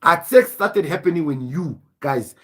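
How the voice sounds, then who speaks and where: A man's voice: on the high side, lively intonation, unhurried, a bit bright, husky. A man hosting a live stream, lecturing in a combative, repetitive rant. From southern Africa. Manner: combative, lecturing, repeats himself for emphasis.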